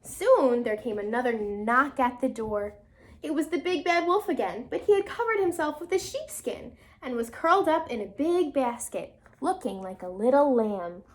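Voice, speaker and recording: A female teacher reads a storybook aloud to her class in a dramatic, animated way, stopping to quiz the children. Her high, very lively voice sweeps widely in pitch, and for suspense she slows down and sinks to a whisper.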